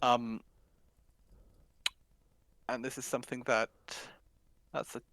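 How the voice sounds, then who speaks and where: A man's voice: medium pitch, level tone, slow, a bit bright, poor audio. A man co-hosting a political podcast, talking casually in an offhand, sweary manner. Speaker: podcast co-host.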